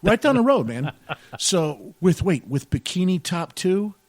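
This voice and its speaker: Excitable, jokey talk-radio man. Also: high-pitched, measured pace, dry recording. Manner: excitable, jokey, laughs often, says "dude" and "man". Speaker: radio show co-host. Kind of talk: casual podcast banter.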